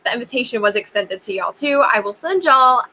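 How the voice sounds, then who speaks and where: A woman's voice: fairly high pitch, expressive, brisk, slight background noise, low-quality recording. A woman chatting as a guest on a writing livestream, laughing easily. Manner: warm, laughing. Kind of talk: casual chat on a writing livestream.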